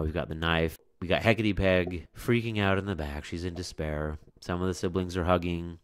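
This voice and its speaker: A man with a low voice reads a picture book aloud and stops for chatty, casual commentary. The recording is dry and close, with no room sound. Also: clear, resonant tone, no echo. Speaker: book reviewer and reader.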